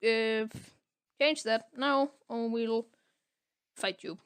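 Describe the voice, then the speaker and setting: A woman voicing an angry male officer who scolds and shouts insults while retelling a comic. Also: fairly high pitch, fairly even intonation, slow, clear, resonant tone. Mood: indignant.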